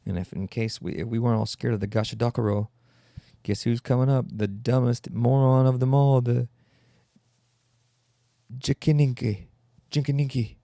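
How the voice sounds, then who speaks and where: A man's voice: medium pitch, steady tone, moderate pace, creaky, dark tone, no room sound, studio quality. A man hosting a solo comedy podcast, rambling and mocking in a sarcastic tone. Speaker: podcast host.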